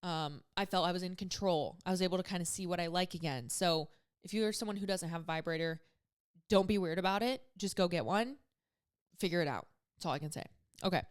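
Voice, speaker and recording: Woman in her thirties, podcast host, smooth and clear tone, candid chatty advice-giver who swears casually. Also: on the low side, brisk. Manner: candid, chatty, heavy use of "like", swears freely.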